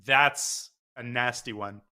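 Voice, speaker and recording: A man commentating live chess, excitedly calling out moves and lines in quick bursts. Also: medium pitch. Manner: excitable, calls moves rapid-fire.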